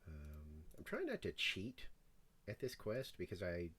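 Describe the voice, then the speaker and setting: A man's voice: sits low, huge pitch swings, measured pace, fairly bright tone, husky. A man streaming a game, talking casually to himself and laughing as he plays. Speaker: gaming streamer. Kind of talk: casual gameplay commentary. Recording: rain noise behind.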